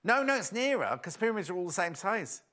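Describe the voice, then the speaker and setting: High, lively man presenting. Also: fast talker. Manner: chatty, self-mocking, giggly. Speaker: shopping channel presenter. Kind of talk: live TV sales chat.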